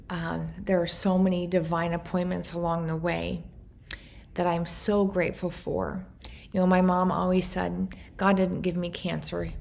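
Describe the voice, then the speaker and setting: A middle-aged woman talking to her phone camera in an earnest, emotional vlog, rambling quickly at times. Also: lowish voice, gravelly. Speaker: vlogger. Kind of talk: personal vlog talk to camera.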